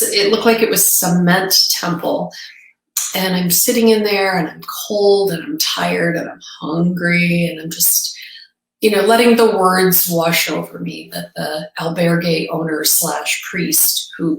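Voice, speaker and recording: A woman guest on a podcast, telling a personal story in an earnest, reflective way with halting restarts. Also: lowish voice. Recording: echoey room.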